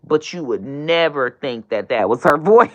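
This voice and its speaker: A woman host telling a storytime on her show, animated and profane, swinging from loud outbursts to near-whispers. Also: deep voice, normal speed, dull audio. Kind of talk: casual storytime vlog.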